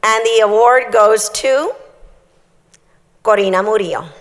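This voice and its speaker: A woman's voice: a little high, unhurried, very noisy. Upbeat woman emcee in a reverberant hall. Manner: upbeat, friendly, announcing awards. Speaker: ceremony emcee. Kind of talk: ceremony announcing. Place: large hall.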